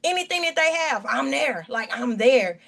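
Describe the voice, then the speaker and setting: A woman pastor tells her testimony in a guest chat, her voice sitting a little high. She talks earnestly and from the heart, rambling and restarting as she goes. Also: expressive, moderate pace, vocal fry, a bit bright.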